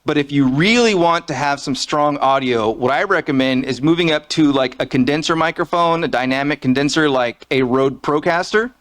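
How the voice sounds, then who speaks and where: A man's voice: fairly high pitch, a bit bright. Chatty man giving a conference talk. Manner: casual, joking, chatty. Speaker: conference speaker. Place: conference stage behind a podium. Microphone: fixed podium microphone.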